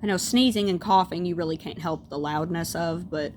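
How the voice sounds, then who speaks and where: A woman's voice: lowish voice, a little fast, a little mellow, slight background noise. A young woman with a strong Southern accent, rambling bluntly in a casual beauty vlog. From Southern United States. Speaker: beauty vlogger. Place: home.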